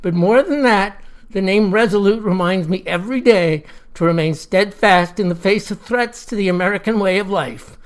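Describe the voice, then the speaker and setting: A man's voice: high voice, normal speed, clear, resonant tone, close to an everyday voice. A narrator voicing a smug, self-important older man who boasts in a folksy way.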